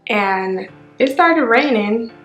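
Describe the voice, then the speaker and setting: A woman's voice: a little high, animated, takes it slowly, fairly bright tone. A woman vlogger, tearfully recounting a painful personal event, her voice rising sharply at times. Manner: raw, tearful retelling with sudden rises. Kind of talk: emotional personal storytelling. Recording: echoey room with faint music.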